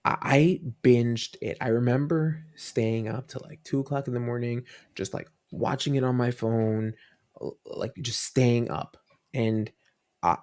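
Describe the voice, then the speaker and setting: A man's voice: medium pitch, unhurried, a little mellow. A man who is a father, guest on a fan podcast, telling stories in a rambling, casual way with many fillers and restarts. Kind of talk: casual interview chat.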